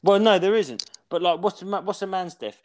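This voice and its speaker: Man, 40s, podcast co-host, rambling, sweary, a touch high-pitched. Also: a little fast, slight background noise. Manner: rambling, sweary, animated storytelling. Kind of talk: casual chat.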